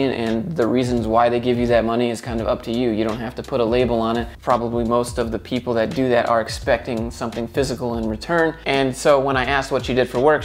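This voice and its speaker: A man hosting his own video channel, telling a dating story in a casual, animated way. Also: mid-range voice. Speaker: YouTube host.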